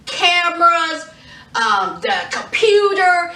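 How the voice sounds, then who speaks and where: A woman recapping a TV episode in a casual, animated way, acting out the characters' lines. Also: sits high, slow pace, roomy sound, distant mic. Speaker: TV show reviewer.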